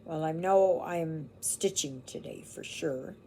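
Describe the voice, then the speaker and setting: A woman's voice: low-pitched, slow pace, dark tone, a little hiss or hum. A woman from Canada chatting casually to her viewers at home, rambling and laughing easily. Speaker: cross-stitch vlogger.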